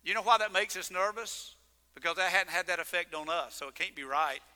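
A man preaching in an animated, exclaiming way, trading jokes with the people in the pews. His voice sits high and sounds very bright and sharp. It carries a long reverb, the sound of a big church sanctuary. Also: fairly quick. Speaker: pastor. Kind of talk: sermon. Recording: long reverb of a large hall.

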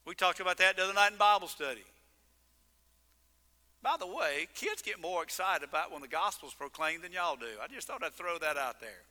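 High-voiced preacher, ringing hall. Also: male voice, fairly quick. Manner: animated, exclaiming, jokes with the congregation. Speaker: pastor. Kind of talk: sermon. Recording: long reverb of a large hall.

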